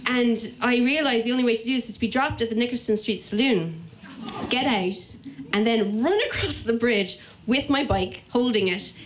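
A young woman with an Irish accent tells a funny personal story to an audience, self-mocking and lively, acting out the voices of the people in it. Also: a little high, normal speed, slight background noise.

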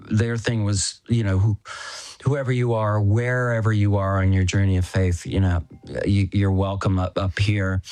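A middle-aged man telling a personal story in a halting, reflective way, often stopping on "you know" and chuckling as he goes. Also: on the low side, no echo. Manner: chuckles as he talks.

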